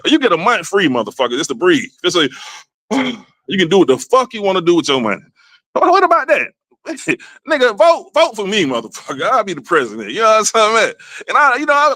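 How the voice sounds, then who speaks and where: A man hosting a comedy podcast with a loud, rowdy monologue, dropping to low mutters and jumping to high exclamations. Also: dry recording. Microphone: desk mic, livestream.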